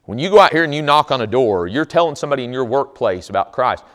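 A man's voice: medium pitch, expressive, quick pace, a bit bright. A man preaching a sermon, telling stories in an emphatic, conversational way. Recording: long hall reverb.

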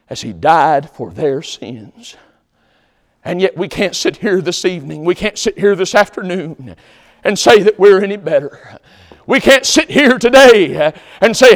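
A man preaching a sermon, emphatic, swinging between loud exhortation and hushed tones. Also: sits high, in a large hall.

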